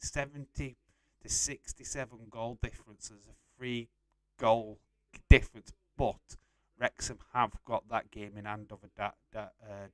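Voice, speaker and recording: A man's voice: lowish voice, fairly bright tone, no room sound. A young man casually hosting a live stream, reading out and answering chat messages and laughing often.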